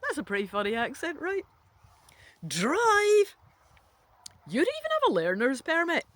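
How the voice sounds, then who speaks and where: A woman's voice: high-pitched, huge pitch swings, fast talker, fairly bright tone, no echo. Playful woman reading an adventure gamebook aloud. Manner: playful, chatty asides to the listener. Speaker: reader of an interactive adventure book.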